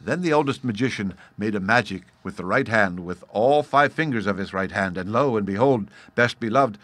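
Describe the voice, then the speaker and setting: A man narrating a children's storybook audiobook in a measured way. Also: fairly low pitch, a bit bright, no echo.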